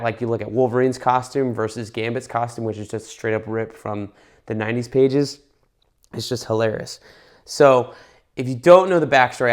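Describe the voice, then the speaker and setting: A man in his thirties giving a casual, rambling movie review, with bursts of excitement. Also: mid-range voice.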